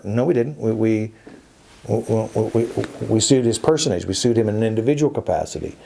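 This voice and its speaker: A man's voice: lowish voice, expressive, fast talker, gravelly, warm tone. A man, an attorney hosting a podcast, speaking in an emphatic, repetitive monologue that often stumbles and restarts.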